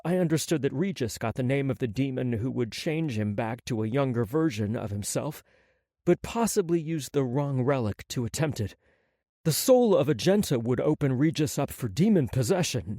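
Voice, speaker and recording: Expressive male audiobook narrator. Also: mid-range voice, normal speed, no echo, studio quality. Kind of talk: first-person novel narration.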